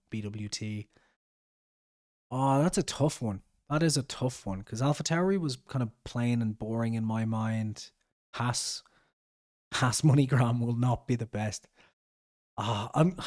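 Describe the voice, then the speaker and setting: Mellow-voiced Irish podcast host, rambling. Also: male voice, mid-range voice. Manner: rambling, chatty, self-correcting. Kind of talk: casual chat reading out viewer comments.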